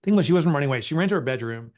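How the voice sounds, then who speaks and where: A man's voice: fairly high pitch, expressive, racing, darkish tone. A middle-aged man and author, candidly telling an emotional personal story in an interview. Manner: earnest, emotional, confessional. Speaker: author and guest.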